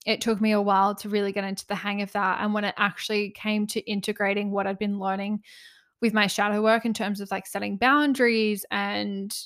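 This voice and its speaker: A woman's voice: medium pitch, level tone, brisk, a bit bright, smooth. A young woman hosting a solo spiritual coaching podcast, talking earnestly and passionately, short of breath and gasping between phrases. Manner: earnest, passionate, uses "like" often. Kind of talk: casual solo podcast monologue. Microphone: close podcast mic.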